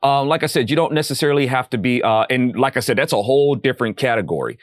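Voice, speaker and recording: A man talking about faith in a loose, animated, preacher-like way, with slang. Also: medium pitch, quick pace, no room sound, studio quality. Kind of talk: casual faith talk.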